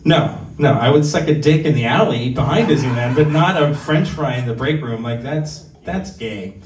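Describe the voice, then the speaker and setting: A forties-aged comic from Southern California does an open-mic set in a bar, speaking in a mid-range voice at normal speed with a little hiss or hum. His storytelling is candid, conversational, and self-mocking. The recording is echoey, with a far-off mic and faint ambience.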